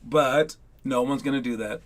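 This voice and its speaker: A man running a casual live online basketball coaching session, chatty and rambling with lots of fillers, teasing and excitable. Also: medium pitch, moderate pace.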